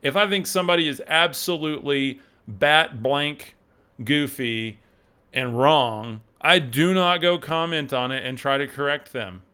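Bright, smooth-voiced man rambling casually. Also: fairly high pitch, a little slow. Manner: rambling, conversational, reads and answers viewer comments. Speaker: podcast host. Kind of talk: casual livestream commentary on a religious text.

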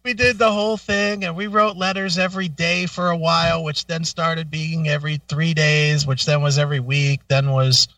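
A middle-aged man with a high, bright voice tells a profane story to his co-host. He is animated and acts out every quote. The studio sounds dry, and he sits a little back from the mic. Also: moderate pace, hardly any pauses, no room sound, recorded from a distance. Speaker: radio show co-host. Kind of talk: casual storytelling chat.

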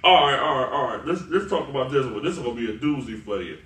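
Animated slangy man on a roomy podcast. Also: medium pitch, fast talker. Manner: animated, slangy and profane, laughing a lot. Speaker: podcast co-host. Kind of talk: casual sports chat. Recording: roomy, far from the mic, faint noise.

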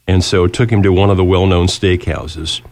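A man's voice: low-pitched, fairly even intonation, moderate pace, a little mellow. A man hosting an interview, chatty and fond of telling stories. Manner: chatty storyteller. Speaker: radio host. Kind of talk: interview talk.

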